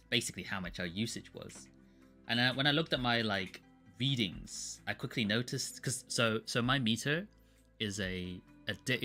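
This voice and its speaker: A man's voice: on the low side, sharp tone. A man who streams his art, rambling through a story in casual chat with many fillers and restarts. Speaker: streaming artist. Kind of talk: casual chat while drawing. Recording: faint music behind.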